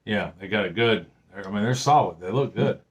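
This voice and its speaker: Rambling, friendly man with a lowish voice. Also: lively intonation, brisk. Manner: rambling, friendly, many fillers and restarts. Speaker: home cooking vlogger. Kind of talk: casual chat.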